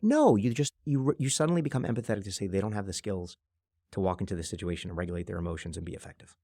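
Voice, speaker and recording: Fast-talking gravelly man, animated storyteller. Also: sits low, no echo, studio quality. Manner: fast, animated storyteller who acts out quotes. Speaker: guest, venture investor. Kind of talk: conversational podcast interview.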